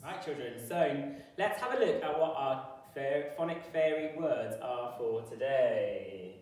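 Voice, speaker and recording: A man's voice: medium pitch, expressive, unhurried, darkish tone, distant mic. A man teaching a phonics lesson to young children, chanting sounds and rhymes in a sing-song way. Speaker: primary school teacher. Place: classroom. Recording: echoey room, voice from off the mic.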